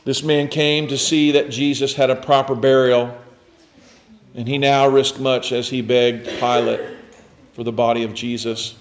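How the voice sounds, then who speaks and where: In a sermon, a man reflectively narrates scripture in an unhurried mid-range voice with little pitch movement, often lowering to a near hush.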